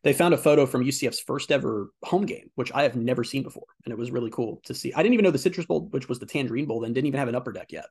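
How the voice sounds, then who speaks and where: A man's voice: medium pitch, animated, rapid-fire, hardly any pauses, a little mellow, husky. A young man co-hosting a sports podcast, chatting casually with lots of fillers. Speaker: podcast co-host.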